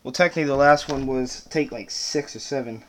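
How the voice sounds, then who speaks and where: A man's voice: medium pitch, fairly quick, very noisy. A man chatting between takes of his own rap song in a studio, weary and self-mocking as he rambles. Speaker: amateur rapper recording takes.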